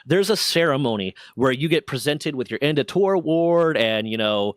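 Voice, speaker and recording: A man's voice: a little high, expressive, normal speed, no room sound, studio quality. A man telling a long story in casual chat, rambling and swearing, with many restarts and self-corrections. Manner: rambling, profane, lots of restarts.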